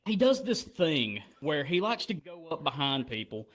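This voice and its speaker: A young man from Alabama telling a stand-up comedy story into a handheld stage microphone, animated and casually profane. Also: fairly high pitch, normal speed. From Alabama, USA.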